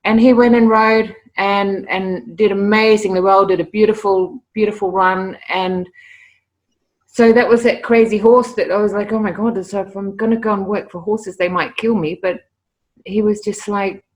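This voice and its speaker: A middle-aged woman, a guest telling stories in a casual interview, lively and often repeating words as she starts a sentence. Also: mid-range voice. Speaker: interview guest, animal communicator.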